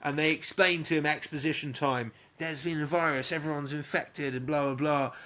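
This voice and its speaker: Sweary, animated man. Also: fairly high pitch, moderate pace. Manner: sweary, animated retelling with little sound effects. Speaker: podcast co-host. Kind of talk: casual pub chat, film recap.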